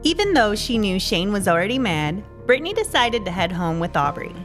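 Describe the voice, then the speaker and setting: A woman narrating a true crime story in an expressive, scripted way. Her pitch moves around a lot, and soft music plays underneath. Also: a little fast.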